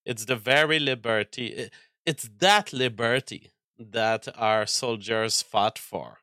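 Stream host, male, slow deliberate delivery, bright tense tone, mock-outraged and profane, repeats words as he restarts. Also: medium pitch, no echo, clean studio sound. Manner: mock-angry ranting, profane, stammering restarts. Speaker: livestream host reading chat. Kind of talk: casual livestream chat.

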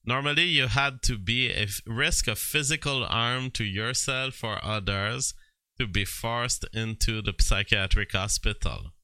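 A man's voice: mid-range voice, pushed and bright, dry recording. A man from Quebec hosting a livestream, commenting on news and reading viewer chat with frequent fillers and restarts. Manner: slow, drawn-out delivery with frequent fillers and restarts.

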